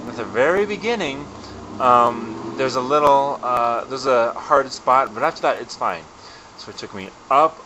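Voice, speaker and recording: A young adult man casually telling a self-deprecating story in a vlog, animated and chatty. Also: medium pitch, a little fast, a little hiss or hum, rough recording. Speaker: vlogger.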